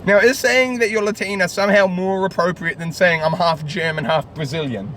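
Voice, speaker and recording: A high-pitched man, tipsy and animated, rambles through crude jokes while sitting in a car. Loud city traffic rumbles outside and fills the recording. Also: a little fast. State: tipsy from drinking. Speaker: vlogger host. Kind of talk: rambling casual banter. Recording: loud street traffic noise.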